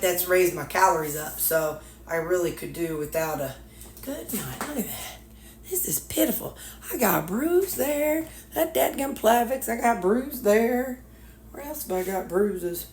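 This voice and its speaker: A woman's voice: medium pitch, animated, a little slow, slight background noise. An older woman, chatting casually and folksily to her viewers while she packs meals in her home kitchen. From Missouri, USA. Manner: folksy, chatty, talks to herself, drawling asides. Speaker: weight-loss vlogger. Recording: echoey kitchen with clattering dishes.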